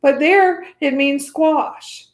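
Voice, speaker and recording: Woman from the US, meditation teacher, casual teaching, keeps asking "right?", bright high voice, roomy echo. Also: drawn-out words. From United States. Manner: chatty, often adds "right?".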